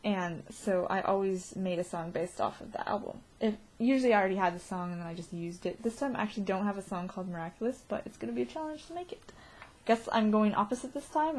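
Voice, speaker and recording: A woman vlogging a casual video diary, excitable and giggly, rambling from one thought to the next. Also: mid-range voice, fast talker.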